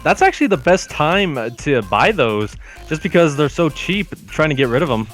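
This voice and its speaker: A man's voice: a little high, very animated, normal speed, a bit bright, faint music behind. A man co-casting a game tournament in casual chat, with easygoing, brief replies. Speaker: esports caster.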